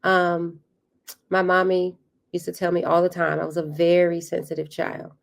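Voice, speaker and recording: Low, gravelly-voiced woman podcast host. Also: monotone, moderate pace. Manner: earnest, repeats key phrases for emphasis. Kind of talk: reflective motivational monologue.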